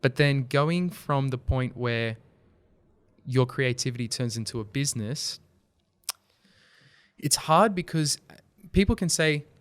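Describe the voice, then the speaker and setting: Speaking a little slowly and pausing often, a video company founder appears as a podcast guest with a clear, resonant, medium-pitched voice. In a casual interview he tells stories earnestly, growing animated to drive points home.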